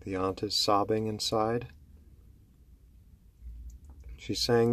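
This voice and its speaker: A man telling a horror story slowly and dramatically, dropping low and hushed to build tension. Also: steady tone, no echo.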